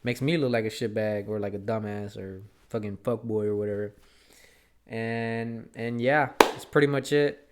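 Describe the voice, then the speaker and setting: A man's voice: fairly low pitch, steady tone, moderate pace, clean tone. A young man talking straight to camera in a casual monologue, rambling and earnest, dropping swear words as he goes. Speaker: vlogger.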